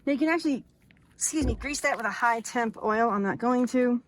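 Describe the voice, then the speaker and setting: A woman's voice: on the high side, a little fast, a little hiss or hum, low-quality recording. Chatty woman cooking outdoors. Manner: chatty, thinking aloud while cooking. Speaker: cooking vlogger. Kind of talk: casual cooking demo. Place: outdoors by a camper.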